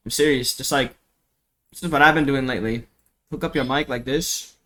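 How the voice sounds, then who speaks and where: A young man with a bright, slightly sharp voice talks through a home production tutorial. He rambles loosely, heavy on slang, fillers and swearing. He speaks into a cheap desk mic in a home studio. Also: mid-range voice, a little fast. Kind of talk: casual screen-recorded tutorial.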